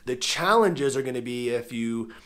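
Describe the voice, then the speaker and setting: A man's voice: mid-range voice, lively intonation, normal speed, a bit bright. Congested, nasal-sounding man vlogging. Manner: friendly, informal, addresses viewers directly. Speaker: vlog host. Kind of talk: casual chatty vlog.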